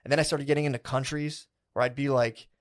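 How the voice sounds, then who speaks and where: A man's voice: medium pitch, quick pace. A man co-hosting a podcast, telling a story in a rambling, casual way with lots of fillers and swearing. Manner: rambling, filler-heavy, profane, animated retelling. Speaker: podcast co-host.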